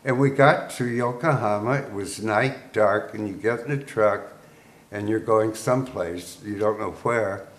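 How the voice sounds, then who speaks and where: Recorded in an echoey room with a faint hum of noise, an American man in his eighties reminisces about wartime as a guest. He's a veteran who speaks in a fairly low, unhurried voice, chuckling now and then.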